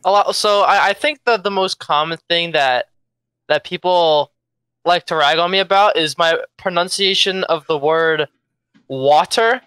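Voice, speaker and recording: A man's voice: high-pitched, measured pace, bright, forceful tone, clean tone, no room sound. Young man with a thick Philadelphia accent. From Philadelphia, USA. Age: young adult. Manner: laid-back, repeats words while thinking. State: jet-lagged. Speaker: esports player guest. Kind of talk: casual interview answers.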